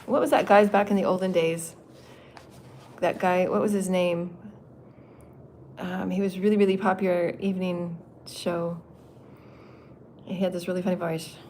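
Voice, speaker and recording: A woman's voice: lowish voice, little pitch movement, moderate pace, pauses often, a little mellow, slight background noise. Chatty middle-aged woman channeling spirit messages. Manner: chatty and meandering, laughs often, swears freely. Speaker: spiritual channeler hosting a livestream. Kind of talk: casual rambling livestream chat. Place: indoor meeting room.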